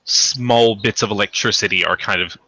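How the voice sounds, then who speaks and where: Rambling male game master, bright tone. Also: lowish voice, moderate pace. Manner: rambling, hedging, many fillers. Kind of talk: narrating a tabletop game.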